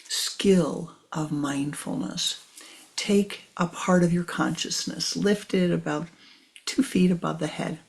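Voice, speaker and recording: An older woman giving a spiritual teaching, soft-spoken and often half-whispering, repeating her points for emphasis. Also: low voice, vocal fry.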